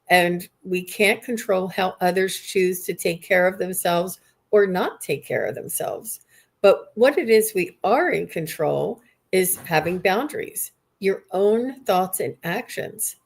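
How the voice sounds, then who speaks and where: Calm reflective woman hosting a livestream. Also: medium pitch. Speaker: host. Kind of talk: livestream conversation.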